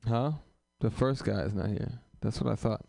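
A man's voice: on the low side, moderate pace, gravelly, warm tone, dry recording, studio quality. A man hosting a comedy open mic who riffs on the audience in a profane, rambling, teasing way in a small live room. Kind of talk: live crowd work banter.

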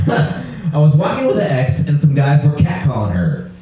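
Deadpan stand-up comic in an echoey room. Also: male voice, fairly high pitch, crowd noise. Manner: deadpan, self-mocking, slows for punchlines. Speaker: stand-up comedian. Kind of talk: open-mic stand-up set. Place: small comedy venue. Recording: roomy live recording from far off, dull sound.

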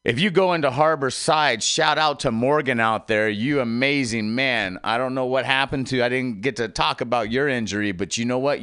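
Bright, clear-voiced man ranting emotionally. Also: medium pitch. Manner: emotional, repetitive, swings between loud and hushed. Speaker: podcast host. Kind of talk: rambling personal monologue.

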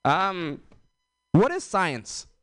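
A man's voice: high-pitched, huge pitch swings, very slow, fairly bright tone, clean tone, no room sound, studio quality. Rambling young-sounding stand-up man. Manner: rambling, self-deprecating, filler-heavy delivery. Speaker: stand-up comedian. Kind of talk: open-mic stand-up set.

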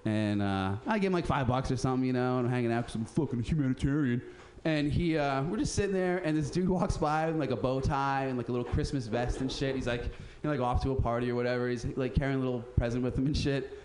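A man's voice: mid-range voice, fast, few pauses, darkish tone, slight background noise. A man hosting a radio show, telling street stories in a casual, profane way and acting out the people he quotes. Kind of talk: casual storytelling chat.

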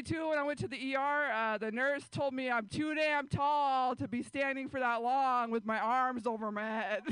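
A woman performs stand-up with a high, bright voice. She chats with the crowd and laughs between her lines. The sound is dry and close. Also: no room sound, low-quality recording. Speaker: stand-up comedian. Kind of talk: stand-up set. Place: small radio studio comedy show.

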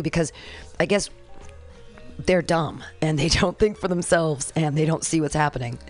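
Sarcastic rambling talk radio host. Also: medium pitch. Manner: sarcastic, rambling, jokey asides. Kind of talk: opinionated talk radio monologue, reading aloud and mocking. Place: radio studio.

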